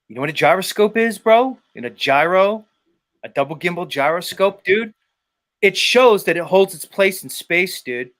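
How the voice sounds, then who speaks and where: A man's voice: on the high side, a bit bright. A man hosting a live stream, ranting and taunting a rival with profanity. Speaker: livestream host. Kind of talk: ranting commentary.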